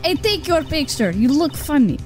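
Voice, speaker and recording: A woman's voice: high voice, big pitch swings, moderate pace, over music. A woman voicing a cheerful young waitress in a put-on Russian accent, with broken grammar and giggles. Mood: giggly, playful.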